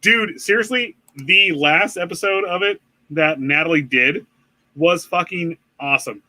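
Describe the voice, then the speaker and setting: A man's voice: on the high side, a little slow, pushed and bright, dry recording, low-quality recording. A man co-hosting a casual live-streamed podcast, rambling with many fillers and swearing often. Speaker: podcast co-host.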